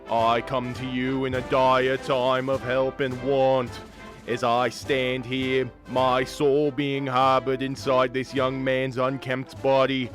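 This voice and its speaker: A young man voicing the pompous ghost of a late male US president, talking loudly and slowly with grand oratory and an oddly British-sounding delivery, into a studio microphone. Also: mid-range voice, natural voice. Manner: loud, slow, grandiose oratory. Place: radio studio.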